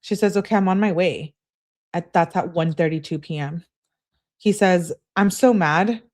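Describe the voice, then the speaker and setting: A woman hosting a true-crime channel, reading a couple's text messages aloud in a casual way and breaking off for quick remarks of her own. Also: lowish voice, mellow. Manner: reads texts aloud, breaks off with quick asides. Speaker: host reading case evidence.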